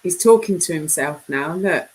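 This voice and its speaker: A woman's voice: lowish voice, lively intonation, moderate pace, a little mellow, rough recording. A woman chatting casually on a live stream, reading viewers' comments and bantering with them, laughing often.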